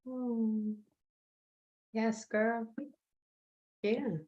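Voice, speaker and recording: A woman co-hosting a webinar, offering soft, supportive murmurs of encouragement. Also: on the high side, drawn-out words, gravelly, long pauses.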